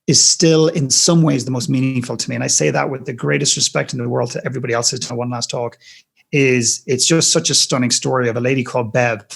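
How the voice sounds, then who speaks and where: A man's voice: medium pitch, steady tone, quick pace, gravelly, slightly rough. A man speaking as a podcast guest, telling stories with passion and emphasis. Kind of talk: podcast interview storytelling.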